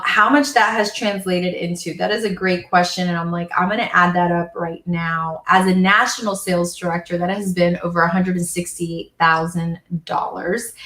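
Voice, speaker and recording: A woman's voice: on the low side, a bit bright. Earnest woman telling her story, echoey room. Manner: emotional, tearful at moments, earnest. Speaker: national sales director, guest. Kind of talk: interview storytelling.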